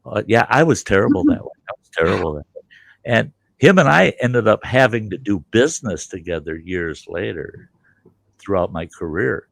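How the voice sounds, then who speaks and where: An older man on a livestream spins a blunt, salty anecdote in casual talk. His voice is gravelly, and his pitch leaps around as he plays every part. The sound is close and dry. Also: normal speed, no echo. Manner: blunt, animated storyteller acting out both sides. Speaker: livestream host. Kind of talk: casual storytelling.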